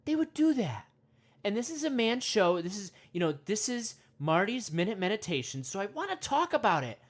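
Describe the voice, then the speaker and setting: A woman's voice: medium pitch, big pitch swings, normal speed. Woman doing a rambling macho self-help guru. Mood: worked up. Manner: rambling, repeats words, trails off, grunts monkey noises. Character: excitable macho male self-help podcast host. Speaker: podcast host. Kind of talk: comedic parody meditation podcast.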